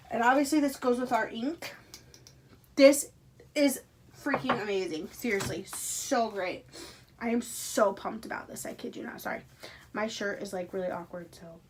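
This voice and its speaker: A woman unboxing a subscription box at home, gushing and excitable, dropping into hushed whispers between bursts of delight. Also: a little high, moderate pace, slight background noise. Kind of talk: casual unboxing vlog.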